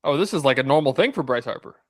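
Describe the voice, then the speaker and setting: A man's voice: medium pitch, lively intonation, fast talker, dry recording, clean studio sound. A young man co-hosting a sports radio show, teasing and laid-back in casual banter.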